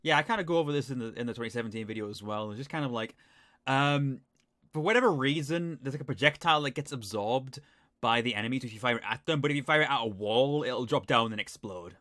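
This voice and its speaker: Northern English male host, casual rambling reaction commentary, self-mocking, crisp dry mic. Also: medium pitch, quick pace, a bit bright, no room sound. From Northern England. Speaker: YouTuber reacting to his old video.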